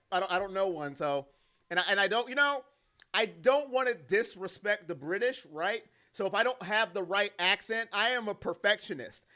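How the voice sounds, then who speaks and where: A man hosting a live fan stream, calling the plays and reading out chat messages and donations in an animated way. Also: high voice. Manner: animated, loud, reacts to plays and reads donations. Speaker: fan livestream host doing play-by-play.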